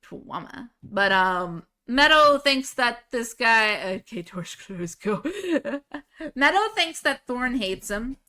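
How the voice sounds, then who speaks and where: Young woman streamer, chatty and excitable, quick to swear and laugh; bright, forward voice. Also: on the high side. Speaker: livestreamer. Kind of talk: casual chat.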